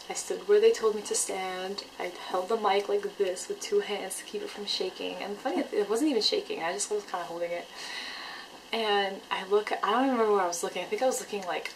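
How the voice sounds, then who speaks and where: A woman telling a fan story in a casual vlog, excitable and chatty with lots of filler words. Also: mid-range voice, slight background noise, rough recording. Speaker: fan recounting an event.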